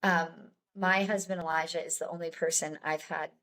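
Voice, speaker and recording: A woman's voice: low-pitched, steady tone, moderate pace, a bit bright. A young woman sharing a personal story as a podcast guest, chatty and candid, filling her speech with "like" and small laughs. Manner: chatty, many "like"s, laughs between lines.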